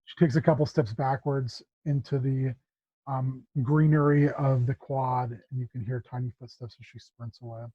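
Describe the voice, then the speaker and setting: A man's voice: medium pitch, steady tone, normal speed, husky, no room sound, lo-fi sound. A man narrating a tabletop game as game master, casually describing scenes and voicing characters. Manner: casual, narrates and voices non-player characters.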